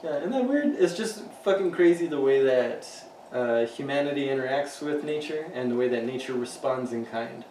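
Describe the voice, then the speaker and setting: A man's voice: mid-range voice, animated, normal speed, a little mellow. A man, casually chatting and swearing freely as a podcast co-host. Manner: loose, profane storytelling. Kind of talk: casual chat. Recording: roomy room, distant mic, faint hum.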